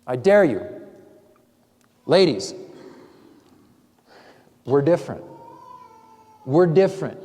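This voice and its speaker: A man's voice: fairly high pitch, dark tone. A man preaching a sermon as pastor, in a conversational way, acting out quotes. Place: church sanctuary. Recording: long church hall reverb.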